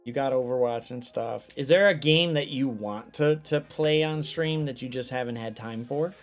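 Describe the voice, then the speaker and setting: A man hosting a casual stream chat, loud and animated, swearing often as he tells stories. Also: mid-range voice, moderate pace, soft background music. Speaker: stream host.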